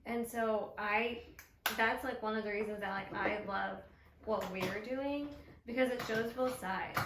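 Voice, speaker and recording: A woman's voice: fairly high pitch, fairly even intonation, measured pace, reverberant, far from the mic, background noise. A woman co-hosting a casual chat, earnest and supportive, reflecting at length with many fillers. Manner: earnest, supportive, talks in long reflective runs. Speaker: co-host.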